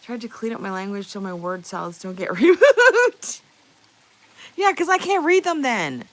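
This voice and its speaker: A woman's voice: fairly high pitch, sing-song, moderate pace, no echo, low-quality recording. A woman livestreamer chatting casually with her viewers, reading their messages aloud, playful and often laughing.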